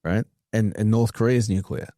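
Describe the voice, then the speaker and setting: A man co-hosting a podcast, with a very low, mellow voice. He is blunt and opinionated, and he curses casually. The sound is close and dry, with no room around it. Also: fairly even intonation, moderate pace, no room sound. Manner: blunt, opinionated, swears freely. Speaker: podcast co-host.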